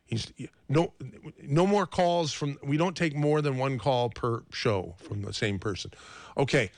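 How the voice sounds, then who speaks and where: A man's voice: mid-range voice, unhurried. A man hosting a live call-in radio show, fumbling and repeating himself with self-mocking humor.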